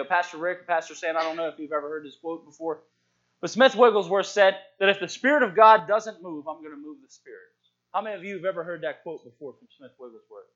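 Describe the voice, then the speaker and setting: A male preacher with a fairly high voice delivers a lively sermon to a congregation, dropping to quiet asides and then rising to shouts. The recording is dull and lo-fi. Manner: lively, call-and-response preaching, swings from hushed to shouting. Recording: dull lo-fi sound.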